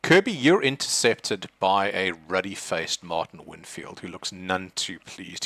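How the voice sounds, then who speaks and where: A man's voice: low-pitched, sing-song, a little slow, few pauses, pushed and bright, no room sound. A man narrating as game master, loose and hesitant with many fillers. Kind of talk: narrating a tabletop horror game.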